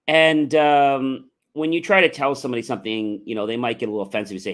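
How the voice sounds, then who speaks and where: A middle-aged man hosting a podcast, giving an earnest, conversational motivational talk with frequent fillers and loud emphatic rises. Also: medium pitch, fairly even intonation, fast talker, hardly any pauses. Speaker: entrepreneur podcast host.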